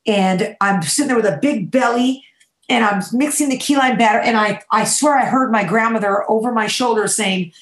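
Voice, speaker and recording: A woman guest on an interview, telling animated, emphatic stories and swearing casually. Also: fairly high pitch, moderate pace, reverberant. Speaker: guest, dessert baker.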